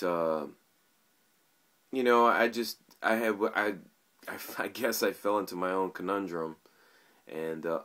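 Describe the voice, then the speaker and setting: A man talking casually to his viewers in a vlog, rambling and swearing loosely. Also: low-pitched. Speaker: YouTube commentator. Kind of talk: casual vlog talk to camera.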